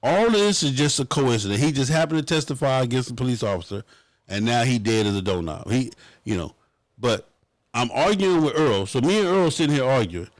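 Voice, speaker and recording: A man with a Southern US accent hosting a casual opinion talk show, animated and profane, slipping into mock-pleading bits. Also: medium pitch, a little fast, dry recording.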